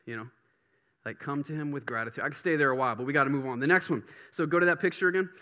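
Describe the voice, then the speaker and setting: Middle-aged male preacher, bright and slightly high voice, casual then fiery sermon delivery. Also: racing. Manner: conversational, builds to emphatic preaching. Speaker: pastor. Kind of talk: sermon teaching on prayer.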